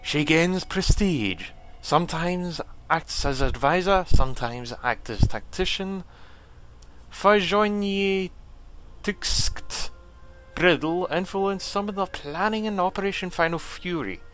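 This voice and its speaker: A man's voice: sits high, animated, slow, fairly bright tone, faint music behind, voice pushed up, heavily acted. A man voicing a brusque male alien trade agent in game dialogue, in a strained, harsh put-on voice with clipped, proud warrior speech. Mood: bargaining. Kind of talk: game dialogue read-aloud.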